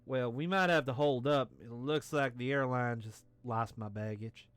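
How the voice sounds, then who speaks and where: A man's voice: medium pitch, moderate pace, smooth, no echo, lightly acted. A man voicing an easygoing, slightly dim male traveler in a folksy, drawling way.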